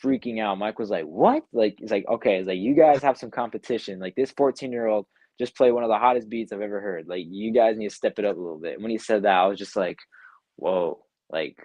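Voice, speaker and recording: A man's voice: on the low side, fast, dry recording. A young man, a music producer, casually telling a story in an online interview and acting out what others said, with lots of "like". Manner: animated retelling, acts out quotes, says "like" often. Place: home, online live interview. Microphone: video call.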